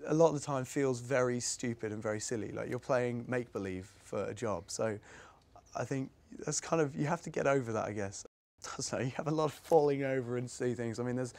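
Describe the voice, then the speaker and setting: A man's voice: mid-range voice, a little fast, a little mellow. Rambling young English man, laughing often. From England. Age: young adult. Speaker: actor guest. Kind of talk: casual Q&A with pupils. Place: school room with audience.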